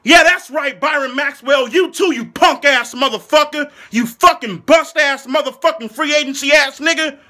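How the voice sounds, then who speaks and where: A man delivering a furious, mocking, heavily profane comedic rant as an angry football fan, breaking into shouts. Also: very high-pitched, moderate pace, hardly any pauses. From Philadelphia. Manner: furious, mocking, heavy swearing, shouting bursts.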